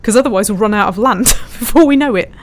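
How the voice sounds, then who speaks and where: A woman's voice: a little high, quick pace. A woman streamer chatting casually while flying a simulator, giggling often and reading out viewers' messages. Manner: chatty, giggly, reads chat aloud. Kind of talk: casual live-stream commentary.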